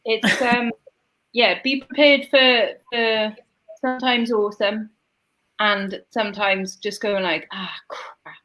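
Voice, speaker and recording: A woman's voice: fairly high pitch, fairly even intonation, slow pace, sharp tone, low-quality recording. A woman with a Welsh accent chatting casually on a live stream, bantering and laughing. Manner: chatty, breaks into song snatches and laughs. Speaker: co-host.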